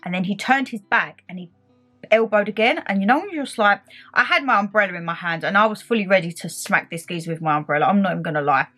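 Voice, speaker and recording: Young woman, casual storytime vlogger, fired-up and chatty, soft music bed. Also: mid-range voice, fast. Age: young adult. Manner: animated, indignant retelling with quoted back-and-forth. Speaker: beauty vlogger.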